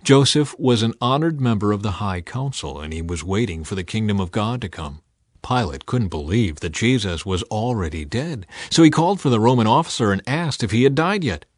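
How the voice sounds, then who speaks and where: A man's voice: fairly low pitch, sing-song, a little fast, no echo. A man reading a Bible passage aloud with dramatic emphasis, his voice swelling on the quoted cries. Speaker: scripture reader.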